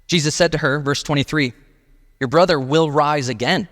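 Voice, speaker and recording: A man's voice: a little high, moderate pace, a bit bright, in a large hall. A male pastor preaching a sermon in a casual, emphatic way, often saying "like". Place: church sanctuary.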